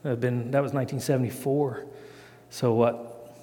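A man's voice: medium pitch, little pitch movement, moderate pace, warm tone, in a large hall. A middle-aged man telling a self-mocking, folksy story to a live church audience and demonstrating rope tricks as he talks. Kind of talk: storytelling sermon.

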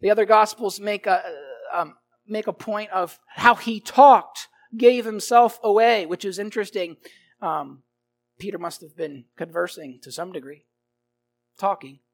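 A man's voice: high-pitched, measured pace. A man preaching an expository sermon, emphatic, swelling and dropping in volume and repeating his phrases.

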